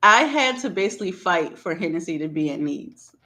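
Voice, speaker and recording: Bright-voiced woman telling a story. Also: lowish voice, fairly quick. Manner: animated, laughing often, colloquial. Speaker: podcast co-host. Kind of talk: casual storytelling chat.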